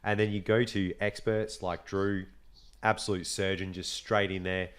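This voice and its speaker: A young adult man with an Australian accent, hosting a casual podcast chat, animated and swearing freely, with a slight cold. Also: low voice, normal speed, clear, resonant tone. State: has a cold. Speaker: podcast host.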